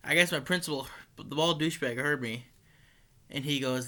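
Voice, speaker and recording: A man's voice: mid-range voice, normal speed, pushed and bright. A teenage boy telling a school story in a casual, rambling way, full of likes, restarts and the odd swear. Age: teens. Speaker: high school student.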